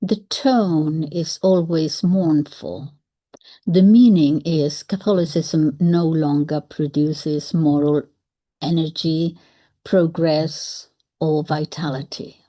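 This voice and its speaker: A woman speaks in a slow, unhurried, measured way as she analyzes the wording of a historical text. Her voice sits a little low and sounds warm and mellow. Now and then she drops into soft whispered asides. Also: fairly even intonation. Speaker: commentator on historical texts. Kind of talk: reflective commentary.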